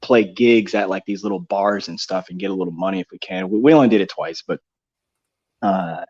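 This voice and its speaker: Low-pitched with a darkish tone, this young podcast co-host from Texas talks fairly quickly through a long story. He rambles in slang, with many fillers and restarts. It's recorded in a dull, dry studio with no echo.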